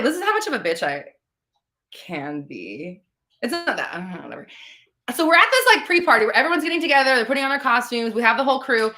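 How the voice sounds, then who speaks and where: A bright-voiced woman in her thirties chatting casually on a live stream. Her pitch swings widely as she rambles through stories, swearing freely. Her tone stays clear and forward. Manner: profane, rambling, laughing storyteller. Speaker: podcast host answering live chat.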